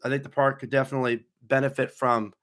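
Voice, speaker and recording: A man's voice: medium pitch, level tone, quick pace, a bit bright. Chatty man answering viewer questions. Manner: casual, chatty, answers questions aloud then rambles. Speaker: coaster YouTuber host. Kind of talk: live Q&A reading chat questions.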